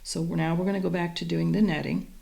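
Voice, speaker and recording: A woman calmly guiding viewers step by step through a beading tutorial, describing each move as she works. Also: on the low side, a little fast, creaky. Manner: calm, methodical, talks while working. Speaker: beading instructor.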